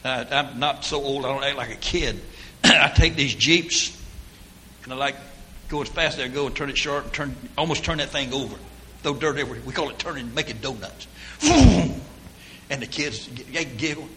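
A man's voice: medium pitch, fairly quick, sharp tone, a little hiss or hum. A man, preaching a sermon through rambling folksy stories in down-home grammar. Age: 60s.

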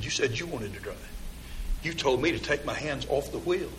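A man's voice: medium pitch, lively intonation, moderate pace, fairly bright tone, a little hiss or hum. Folksy older preacher man. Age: 60s. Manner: rambling folksy anecdotes, down-home grammar. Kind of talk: folksy storytelling sermon.

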